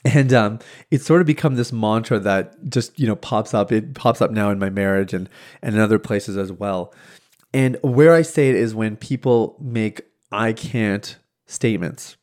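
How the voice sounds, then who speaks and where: A man hosting a podcast, telling a casual story with lively delivery, many restarts and filler words, acting out other people's lines and laughing easily. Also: on the low side, moderate pace. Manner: animated, acts out quoted voices, laughs easily. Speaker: podcast host.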